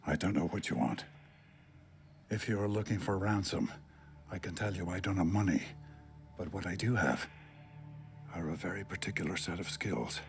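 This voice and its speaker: An actor playing a grim former agent father, giving a cold, measured threat to kidnappers in a film clip. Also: low-pitched. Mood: cold menace. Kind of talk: film dialogue over phone. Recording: film clip with music behind.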